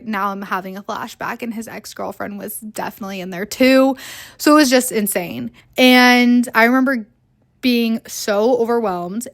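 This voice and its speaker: A young woman hosting a podcast, telling a personal story in a candid, animated way, swearing freely and acting out what people said. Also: a little high. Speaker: podcast host. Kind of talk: casual storytelling monologue.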